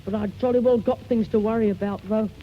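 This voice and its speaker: A man's voice: sits high, steady tone, fast talker. A man playing a scheming, boastful young schoolboy with eager, slangy speech in an old radio play. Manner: eager, plucky and full of boyish slang. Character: scruffy, boastful schoolboy, eleven-ish, always scheming. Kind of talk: 1940s radio acting. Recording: muffled old radio recording with faint hiss.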